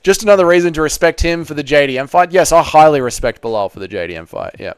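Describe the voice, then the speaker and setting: A man's voice: fairly high pitch, animated, fast talker, clean tone, no echo, studio quality. An Australian man hosting a casual livestream, reading viewer comments aloud and bantering bluntly with plenty of swearing. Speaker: livestream host.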